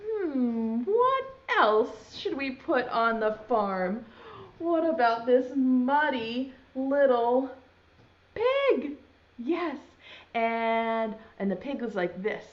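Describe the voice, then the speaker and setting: A young woman leading preschoolers through songs, talking slowly and encouragingly in a sing-song way. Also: fairly high pitch, animated, dull audio. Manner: slow, sing-song and encouraging, using baby signs. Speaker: preschool teacher. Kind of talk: singing and teaching preschoolers.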